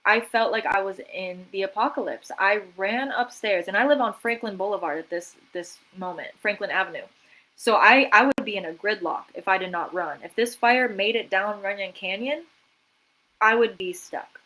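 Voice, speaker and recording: A woman's voice: medium pitch, normal speed, sharp tone, rough recording. A woman guest on a livestream interview, retelling events vividly and dramatically, quoting her own thoughts. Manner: vivid, dramatic retelling with quoted inner voices. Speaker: guest, artist and author.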